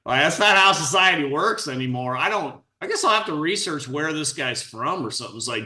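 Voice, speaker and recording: A man's voice: on the high side, animated, brisk, few pauses, sharp tone. Blunt scornful man in an echoey room. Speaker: podcast host reacting to a clip. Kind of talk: commentary on a clip.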